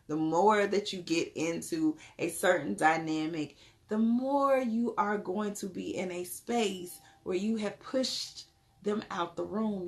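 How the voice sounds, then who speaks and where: A young woman, giving an animated live tarot reading and greeting her viewers. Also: on the low side, vocal fry. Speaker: spiritual tarot card reader.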